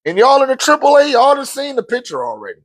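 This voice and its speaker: A man, teaching in a casual, animated storytelling way. His voice sits high and swings widely in pitch, and he acts out the people he quotes and laughs often. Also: quick pace. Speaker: spiritual teacher.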